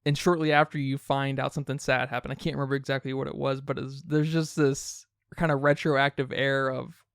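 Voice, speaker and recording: A man co-hosting a podcast, talking casually about a film in quick, animated bursts. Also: medium pitch, gravelly, clean tone, dry recording, studio quality. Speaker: podcast co-host.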